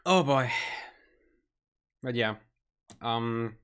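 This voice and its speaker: A man with a German accent, a native German speaker, chatting casually on a stream, halting and searching for his words. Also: mid-range voice, lively intonation, fairly bright tone, clear, resonant tone. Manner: halting, searching for words, nervous self-conscious laughs.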